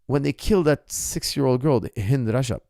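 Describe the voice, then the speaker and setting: A middle-aged man, a martial arts coach, answers viewer questions in a casual solo talk. His voice is gravelly with a lot of vocal fry, recorded close and dry with no room sound. He speaks with force and hammers points home by repeating them. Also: mid-range voice, normal speed, mellow, no echo. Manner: impassioned, emphatic repetition of phrases.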